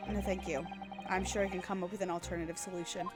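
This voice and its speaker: A woman's voice: fairly low pitch, flat delivery, fast talker, close to an everyday voice. A woman voicing a put-upon young lawyer. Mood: dry. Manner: dry, put-upon, formal. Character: young earnest male Japanese lawyer, exasperated. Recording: game music underneath.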